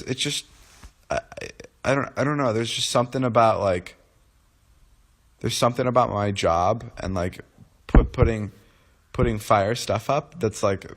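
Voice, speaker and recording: Groggy young man rambling on a livestream. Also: lowish voice. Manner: rambling, many restarts and fillers. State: just woken up. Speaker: livestream host. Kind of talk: casual livestream chat.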